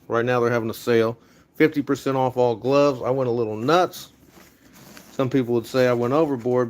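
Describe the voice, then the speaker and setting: A young American man live-streaming from his home garage, chatting casually with viewers and giving rambling, upbeat pep talks while he sorts tools. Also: medium pitch. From USA. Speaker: livestreaming garage vlogger.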